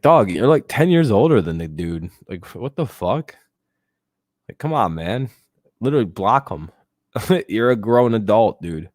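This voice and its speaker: A young male streamer talking loosely to his viewers, his voice sitting a little low. He rambles and swears freely, chuckling between thoughts. The sound is dry and close, with no room around it. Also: a little mellow, dry recording. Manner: rambling, profane, laughs often, talks to chat. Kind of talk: casual live-stream chat.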